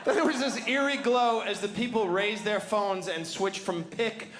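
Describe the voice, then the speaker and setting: A man doing wry, wordy stand-up storytelling on a club stage, breaking into sudden shouted outbursts. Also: high voice, moderate pace, over a noisy crowd. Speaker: stand-up comedian. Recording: live club recording with noise.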